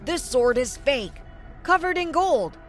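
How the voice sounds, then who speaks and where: A woman's voice: sits high, very animated, slow, faint music behind, exaggerated voice. A woman doing an angry pawn shop owner. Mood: accusing. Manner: loud, accusing.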